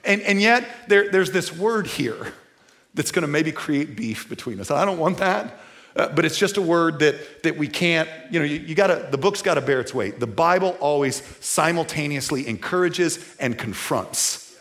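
A man preaching a sermon to a live congregation, animated, with folksy asides, moving between loud and quiet. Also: a little high, moderate pace. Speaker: pastor. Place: church before a live congregation.

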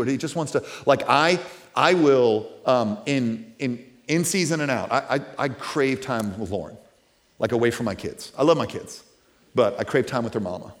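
A man in his thirties preaching a sermon as pastor, talking casually with restarts and repeated words, then rising to loud, emphatic peaks. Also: medium pitch, normal speed.

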